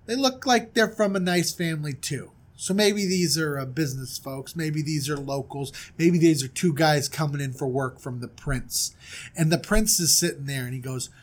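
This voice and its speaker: A man's voice: fairly high pitch, moderate pace. A man narrating a comic story in a casual, wry, conversational way.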